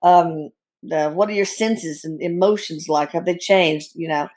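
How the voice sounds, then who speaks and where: A middle-aged woman speaking as a guest in an interview, telling her story with candid, animated delivery and blunt humor. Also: on the low side, unhurried. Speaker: guest, bereaved mother and physician.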